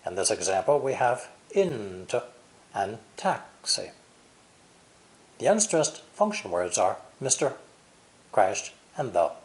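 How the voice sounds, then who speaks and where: An American man teaching English pronunciation, explaining clearly with deliberate, exaggerated stress. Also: mid-range voice, very animated. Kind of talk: language lesson explanation.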